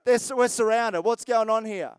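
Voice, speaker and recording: A man's voice: sits high, normal speed, clear, resonant tone, no echo, close to an everyday voice. A man voicing a frightened young male servant who blurts out his words frantically during a sermon. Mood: panicked. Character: panicky young male servant, nervous and scared.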